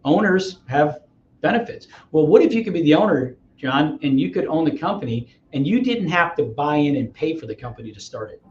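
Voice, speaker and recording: A lively middle-aged man talks as an interview guest, a touch high-voiced and eager to persuade. His voice rings in a roomy space. The audio is dull and carries a faint hiss behind him. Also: a little fast. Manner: energetic, acts out dialogues, persuasive. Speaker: real estate agent, podcast guest. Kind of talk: interview storytelling.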